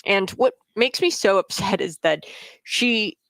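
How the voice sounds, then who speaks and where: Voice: mid-range voice, animated, a little slow, gravelly, a bit bright, dry recording. A radio talk show host giving opinion commentary, emphatic and repeating points with frequent fillers.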